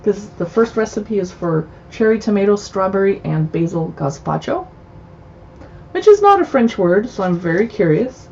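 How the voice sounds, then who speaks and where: Chatty woman with a gravelly, mellow voice. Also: medium pitch, very animated, normal speed, highs cut off, a little hiss or hum. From US West Coast. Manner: chatty, reads titles aloud with asides. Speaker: cookbook show host. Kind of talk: casual livestream book browsing. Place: home in a city.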